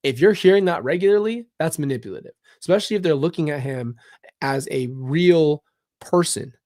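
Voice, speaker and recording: A man's voice: fairly high pitch, animated, a little fast, a little mellow, no echo, clean studio sound. A man hosting a casual commentary vlog, talking bluntly and emphatically with open frustration. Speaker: channel host.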